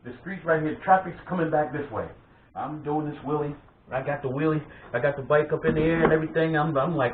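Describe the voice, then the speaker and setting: A man casually spinning childhood stories for his vlog, animated and quick to laugh, tripping over his words as he goes. The sound is thin and phone-like, with a roomy echo. There is a faint hiss behind him. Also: fairly high pitch. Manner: animated, laughing, with frequent restarts. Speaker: vlog host. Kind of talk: casual storytelling of family memories. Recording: tinny phone-like sound in an echoey room.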